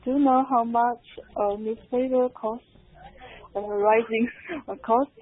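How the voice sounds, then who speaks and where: A woman from China works through an English lesson, hesitant and restarting often. Her voice sits a little high and she talks slowly, over tinny call audio that sounds like a phone line. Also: fairly even intonation, breathy edge. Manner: hesitant, many fillers and restarts. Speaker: English student. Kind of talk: online language lesson. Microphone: video call.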